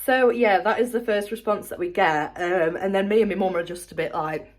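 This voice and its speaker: Young woman, casual vlogger, chatty storyteller, swears freely, mid-pitched voice. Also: brisk.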